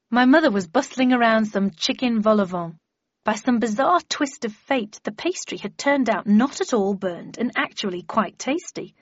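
A woman's voice: mid-range voice, moderate pace, no echo. A woman narrating a first-person audiobook in a dry, wry storytelling manner. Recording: dry, slightly dull audio.

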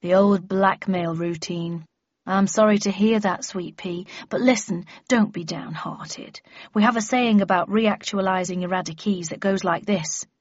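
A woman's voice: medium pitch, steady tone, no echo, highs cut off, close to an everyday voice. Woman reading a wry older father. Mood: gentle. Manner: measured, dry and unhurried.

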